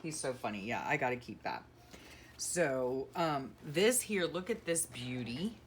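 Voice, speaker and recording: A woman's voice: extremely low pitch, expressive, unhurried, a little hiss or hum. A middle-aged woman vlogger chatting casually and sentimentally as she sorts her craft keepsakes, gushing and rambling. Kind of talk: casual chat while decluttering.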